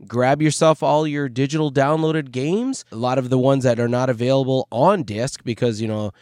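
A man co-hosting a casual podcast chat, joking around and often pausing to search for words with fillers. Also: medium pitch, steady tone, darkish tone, no echo, studio quality. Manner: jokey, hesitant, searches for words with many fillers. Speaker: podcast co-host.

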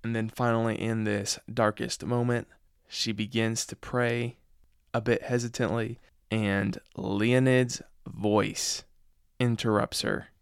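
A man giving an earnest, reflective spoken review of a drama episode, often pausing to muse and admitting he is unsure. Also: mid-range voice, flat delivery, vocal fry, smooth, no echo, studio quality.

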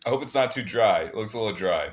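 A man's voice: on the low side, animated, quick pace. A young man co-hosting a podcast, laid-back and agreeable in short replies. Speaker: podcast co-host. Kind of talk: casual chat.

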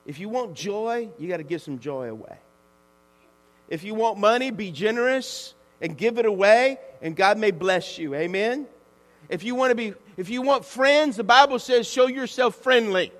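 High-voiced animated preacher. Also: male voice, moderate pace, in a large hall. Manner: animated, conversational, calls out to the congregation. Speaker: pastor. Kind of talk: sermon.

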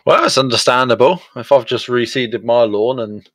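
A man co-hosting a casual chat show, dry, measured and wry in his remarks. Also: mid-range voice, fairly even intonation, fairly bright tone, dry recording. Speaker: podcast co-host.

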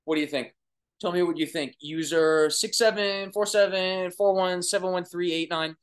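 A young man with a Long Island New York accent, an oral surgery resident answering viewer questions in a casual livestream from his apartment, excitable and chatty, often restarting and trailing off. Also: high voice, normal speed, smooth. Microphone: phone or webcam livestream.

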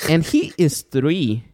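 A man co-hosting a podcast in casual chat, an animated storyteller who acts out the voices of people in his stories. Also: a little high, extremely slow. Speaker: podcast co-host.

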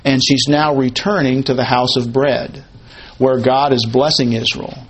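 A man's voice: medium pitch, steady tone, measured pace, slight background noise, rough recording. A man teaching a Bible sermon, repeating key phrases and posing and answering his own questions. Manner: conversational, asks and answers questions. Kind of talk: expository sermon.

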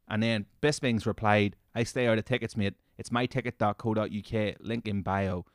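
A man's voice: fairly low pitch, fairly even intonation, normal speed, smooth, dry recording, studio quality. Sweary man ranting sarcastically. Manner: sweary, sarcastic, bursts into loud mocking rants. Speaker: comedy podcast host. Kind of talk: ranting comedic monologue.

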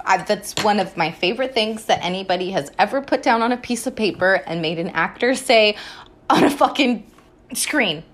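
A woman hosting a podcast, recapping a TV show in a rambling, casual way, swearing a lot and laughing often. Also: mid-range voice. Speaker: podcast host.

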